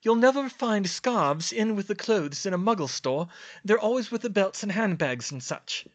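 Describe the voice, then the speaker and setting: A man's voice: sits high, lively intonation, moderate pace, pitched above the performer's own voice. A man reading an audiobook and voicing an earnest, kind teenage schoolgirl. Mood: friendly.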